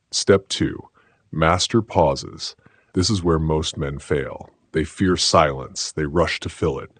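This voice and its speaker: Man, very low voice, husky, measured scripted narration, dry close recording. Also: no echo. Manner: slow, measured, declarative. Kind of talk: scripted self-help narration.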